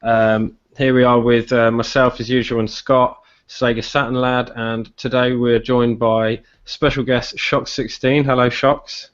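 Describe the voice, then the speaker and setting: A man hosting a casual live-stream chat, chatty and often pausing on ums. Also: medium pitch, little pitch movement, smooth. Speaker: podcast host. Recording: dull lo-fi stream audio.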